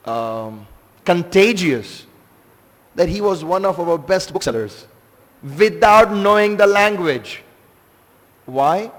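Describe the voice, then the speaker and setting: A man gives a scripture class in an animated, emphatic storytelling manner, pausing now and then for a filler. His voice sits a little high for a man. It rings out with the long reverb of a large temple hall. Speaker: guest speaker giving a scripture class.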